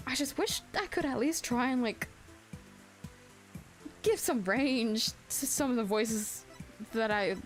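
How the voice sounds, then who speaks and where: A woman's voice: on the high side, expressive, slow, long pauses, soft background music. A young Australian woman chatting and giggling through a game playthrough, reading the characters' lines aloud. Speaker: streamer.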